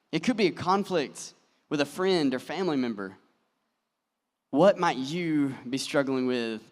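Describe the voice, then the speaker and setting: A young man telling a story as a motivational speaker, his voice sitting a bit high for a man. He sinks to quiet, slow lines to land a point. His voice rings out with a long reverb through a large hall. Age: young adult. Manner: storytelling, dropping soft and slow for emphasis. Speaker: convention speaker. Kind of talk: motivational speech.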